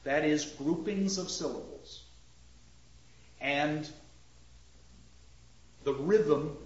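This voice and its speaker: A man teaching literature to a class, reciting lines of verse and tapping out their rhythm as he asks questions. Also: a little high. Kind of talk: classroom lecture. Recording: roomy, dull lecture recording.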